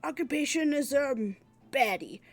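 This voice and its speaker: Lady putting on a cocky cockney thief guy, swaggering, a bit higher than her own voice. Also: expressive, measured pace. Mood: boastful. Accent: put-on cockney.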